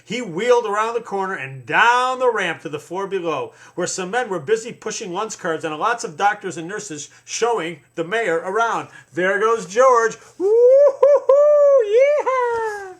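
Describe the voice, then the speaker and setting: A man reading a picture book aloud to his children, playful and drawn-out, stopping often to point things out and comment. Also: high-pitched, expressive, bright, forceful tone.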